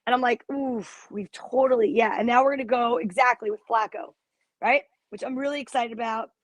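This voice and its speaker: A woman co-hosting a casual football chat show, telling stories in an animated, gossipy way. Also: a little high, a little fast, no room sound. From New Jersey. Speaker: co-host.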